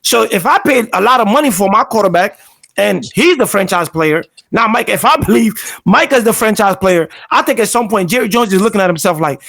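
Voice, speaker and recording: High, gravelly sports talk host. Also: male voice, a little fast. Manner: animated, rambling, frequent restarts. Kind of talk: casual sports debate.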